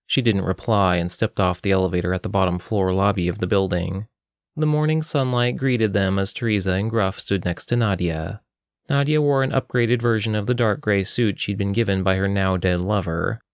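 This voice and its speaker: A man narrating an audiobook in a steady, even storytelling manner. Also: fairly low pitch, normal speed, no room sound, studio quality.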